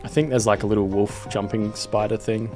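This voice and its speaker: A man's voice: on the low side, steady tone, brisk, warm tone, faint music behind. A man streaming a game, chatting casually in a laid-back, hesitant, mumbling way. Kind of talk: casual gameplay commentary.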